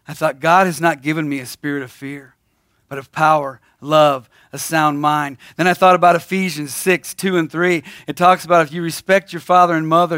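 A man's voice: on the high side, dry recording. Middle-aged man, raised voice, dry close mic, preaching and challenging men, big swings in volume. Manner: impassioned, preachy, swings between loud challenges and hushed pauses. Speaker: guest speaker at a men's gathering. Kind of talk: sermon.

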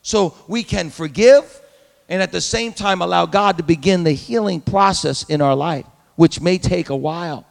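A man's voice: high-pitched, moderate pace, gravelly. A man preaching a sermon as a pastor, dramatic, acting out the voices of the figures he tells about. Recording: long hall reverb.

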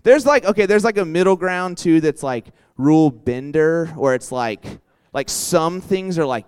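Young guy preaching, super chatty, voice jumps all over, clear and smooth, asks the crowd stuff. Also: fairly high pitch, normal speed, hardly any pauses. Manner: chatty and animated, full of "like" and "right?", quizzes the crowd. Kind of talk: casual storytelling sermon. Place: church hall with a live audience.

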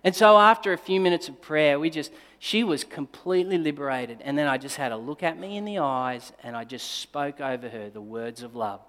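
A male pastor telling a personal story in a sermon, moving between forceful emphasis and quiet, tender passages. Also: a little high, lively intonation, a little fast, few pauses. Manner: dynamic storytelling, swinging between loud emphasis and hushed, tender delivery. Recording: long reverb of a large hall.

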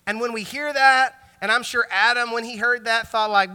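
A man preaching a sermon as pastor, animated and joking, in a casual conversational way with lots of filler words. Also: very high-pitched, moderate pace, smooth. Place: large church hall. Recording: long hall reverb in a church.

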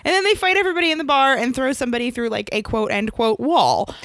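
Animated woman joking in casual chat. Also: high voice, dry recording. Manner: joking, animated, does quick silly voices. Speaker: podcast co-host.

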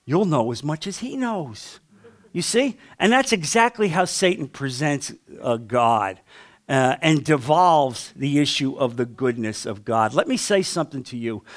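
With a fairly high voice, a male pastor preaches a passionate sermon, putting questions to the congregation and shifting from loud to hushed.

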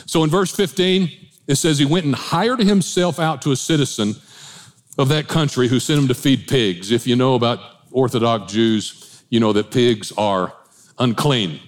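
Guy preaching, animated, jokey asides, changes speed a lot. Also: mid-range voice, normal speed. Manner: animated, shifting pace for emphasis, with asides and humor. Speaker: pastor. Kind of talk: sermon.

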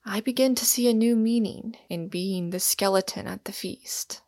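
A woman's voice: mid-range voice, moderate pace, a little mellow, no room sound, studio quality, natural voice. A woman reading the part of a massive, earnest young man in an audiobook, speaking with urgent, pleading passion. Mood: rhapsodic.

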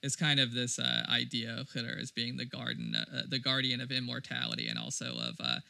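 A man's voice: medium pitch, animated, a little fast, vocal fry, sharp tone, dry recording. A man co-hosting a podcast in casual chat, loose and heavy with "like" and "you know". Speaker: podcast co-host.

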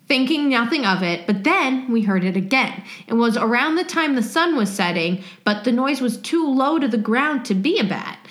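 A woman's voice: fairly high pitch, a bit bright. A woman co-hosting a podcast, chatting casually and reading listener stories aloud in a rambling, jokey way. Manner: rambling, jokey, self-interrupting. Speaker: podcast co-host.

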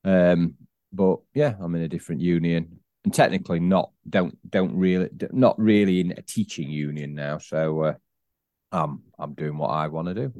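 A man's voice: sits low, moderate pace, warm tone, dry recording, dull audio. A man co-hosting a casual football podcast, stumbling over his words and repeating himself, with bursts of teasing. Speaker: podcast co-host.

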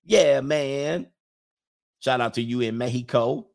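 A man's voice: medium pitch, takes it slowly, gravelly. A man hosting a livestream, reading chat comments and mocking them in a brash, joking way.

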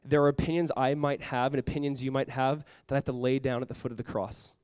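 A man's voice: medium pitch, fairly even intonation, fast, a little mellow, clean tone, dry recording. A man preaching a sermon as pastor, earnest and conversational, often acting out what people say.

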